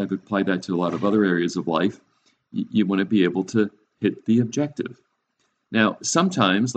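A middle-aged man teaching in a casual, conversational way, with frequent restarts and chuckles at his own jokes. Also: lowish voice. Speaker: Christian speaker. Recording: dull lo-fi recording with faint noise.

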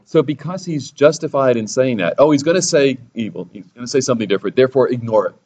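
A man's voice: medium pitch, animated, quick pace, darkish tone, slightly rough, highs cut off. Sarcastic man teaching the Bible. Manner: sarcastic, theatrical, reads quotes in a raised voice. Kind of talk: sermon-style Bible teaching.

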